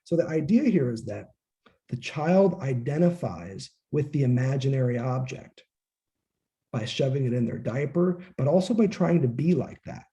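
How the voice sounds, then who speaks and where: A man with a medium-pitched, dark voice and lively intonation gives an informal, conversational lecture at normal speed, the recording's highs cut off. He acts out quoted voices and swears now and then.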